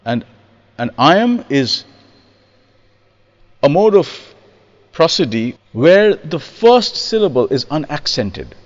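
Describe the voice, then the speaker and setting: A man giving a spoken music lesson on rhythm, lively and demonstrative, acting out examples and reciting verse in a studio. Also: a little high, takes it slowly, long pauses, long reverb tail, dull audio. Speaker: percussionist explaining rhythm.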